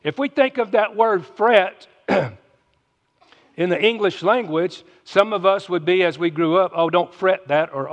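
A man, reading scripture and then preaching in a folksy, joking way with asides to listeners, speaking through a runny nose. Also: sits high. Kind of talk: Bible reading and sermon. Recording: muffled, with long reverb.

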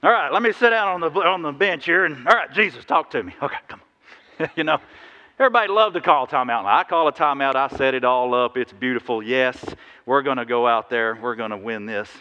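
A man preaching a sermon, telling stories in a lively, animated way with sudden loud bursts. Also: mid-range voice, a little fast. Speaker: pastor. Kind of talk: sermon with storytelling. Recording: dull sound in a big reverberant hall.

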